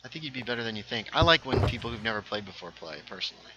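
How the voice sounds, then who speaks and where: A man's voice: lowish voice, animated, very fast, background noise. A young man hosting a game livestream, chatting casually and telling rambling stories that interrupt themselves. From North Carolina. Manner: rambling, self-interrupting storyteller. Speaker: livestream host. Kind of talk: casual chat while gaming.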